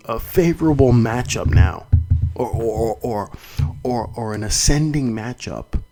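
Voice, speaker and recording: A man's voice: medium pitch, mellow, low-quality recording. A young man hosting a solo fight podcast, talking casually and rambling with many restarts and some swearing. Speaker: podcast host.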